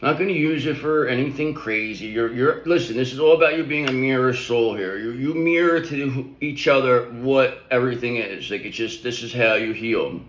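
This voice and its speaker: A man in his middle range of pitch hosts a casual spiritual tarot reading. His talk is loose and rambling, full of slang and repeated check-ins. The room around him rings with echo. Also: moderate pace, few pauses. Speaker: tarot reader.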